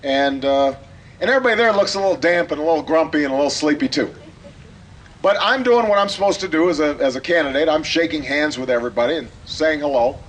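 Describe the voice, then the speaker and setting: A political candidate telling an anecdote at a campaign rally, in an easy storytelling manner that builds to a rousing call-and-response. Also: male voice, fairly high pitch, expressive, fast, slight background noise, rough recording.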